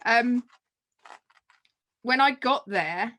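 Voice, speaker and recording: An adult woman with children, appearing as a podcast guest, tells a personal story in a casual way. Her voice is a little high and her delivery very slow, and she animatedly acts out remembered dialogue.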